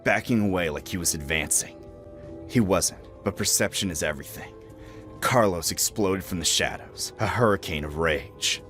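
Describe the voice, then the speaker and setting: A man narrating a scripted horror story with dramatic, expressive storytelling. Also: low voice, normal speed, soft background music.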